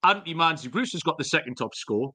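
A man's voice: fairly high pitch, lively intonation, fast talker, bright, forceful tone, husky. A middle-aged man co-hosting a podcast, telling rambling, jokey stories with some swearing in casual chat. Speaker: podcast co-host.

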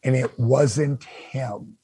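An older man hosting a talk show, telling stories in an animated way and acting out the quotes. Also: extremely slow, slightly rough, dry recording. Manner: acts out quotes with big pitch jumps. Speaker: podcast host telling stories. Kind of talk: animated storytelling.

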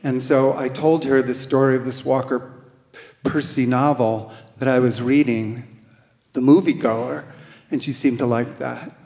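Slow, wry man telling a story in a hall. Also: mid-range voice, steady tone, vocal fry. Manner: slow, gentle and wry, with hesitant restarts. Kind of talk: live first-person storytelling on stage. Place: stage in a large hall. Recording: echoey hall with long reverb.

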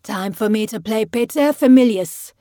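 Woman playing a jovial drunk man, slurring, pushy, higher and louder than her usual reading. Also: moderate pace, no room sound, studio quality, natural voice. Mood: boisterous. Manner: slurred, boisterous teasing. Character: drunk, jovial, overbearing middle-aged man.

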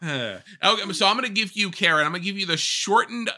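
A man's voice: high voice, expressive, fast talker, pushed and bright. A man playfully running a quiz round on a podcast, rambling a little. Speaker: quizmaster. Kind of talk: casual chat.

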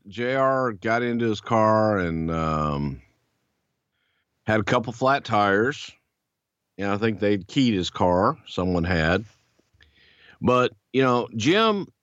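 A man's voice: no room sound, highs cut off. A man hosting a podcast, telling an old story in a casual, profane way and acting out what others said. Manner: animated, profane, acts out quotes in a much higher voice. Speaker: podcast host.

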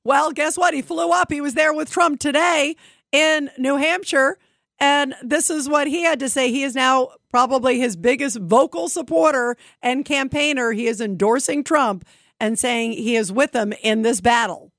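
A woman's voice: high voice, moderate pace, fairly bright tone, no room sound, studio quality. A woman hosting a talk radio show, delivering an opinionated monologue in an emphatic, indignant way with rhetorical questions.

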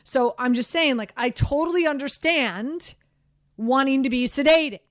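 A sports radio host chats casually and animatedly, rambling with lots of fillers, asides, and self-deprecating humor. Her slightly high voice moves at a measured pace through a dry studio mic with no room sound or echo.

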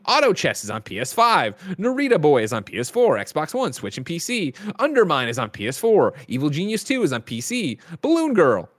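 A man runs a casual games news show, his fairly high voice leaping all over the place. He rattles through lists of releases and drops quick asides along the way. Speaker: host.

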